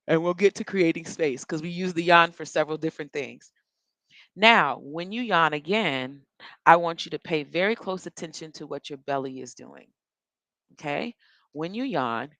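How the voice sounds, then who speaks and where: A woman's voice: deep voice, a bit bright, no echo. Chatty female vocal coach, dry sound. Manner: chatty, encouraging, demonstrates breathing and yawns. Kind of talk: workshop instruction.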